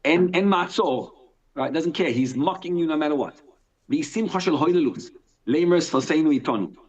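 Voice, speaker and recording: On a dull, lo-fi recording, a rabbi leads a lively live Torah lesson at a moderate pace in a voice on the high side. He reads Hebrew text aloud and answers the questions he himself raises.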